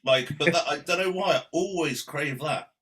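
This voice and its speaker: A man's voice: a little high, moderate pace, fairly bright tone. A man co-hosting a podcast, joking crudely and laughing as he talks. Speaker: podcast co-host. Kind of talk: casual podcast banter.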